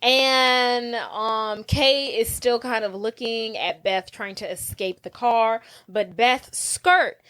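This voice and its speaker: A woman with a fairly high voice co-hosts a casual movie podcast. She retells the plot with lively energy and slips into the characters' voices as she goes. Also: slow pace, few pauses. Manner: animated, acts out characters' lines while retelling. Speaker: podcast co-host. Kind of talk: casual movie recap chat.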